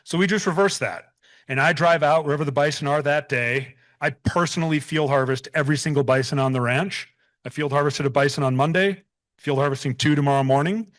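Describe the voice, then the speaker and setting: A man's voice: fairly high pitch, fairly quick, fairly bright tone. A man in his thirties, a bison rancher giving a public talk, earnest and prone to restarts and repeated words. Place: event hall.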